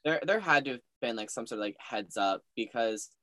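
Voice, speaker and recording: A young man with a medium-pitched voice co-hosting a casual recap chat. He rambles and hedges, circling back and restarting his sentences as he thinks aloud. The recording is close and dry. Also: lively intonation, brisk, pushed and bright, no room sound. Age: young adult. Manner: rambling and hedging, restarts often. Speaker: co-host.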